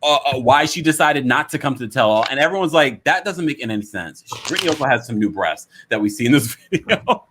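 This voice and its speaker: A man hosting a reality-show recap, chatting in a gossipy, teasing way with quick asides. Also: mid-range voice, lively intonation, background noise. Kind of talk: gossipy casual chat.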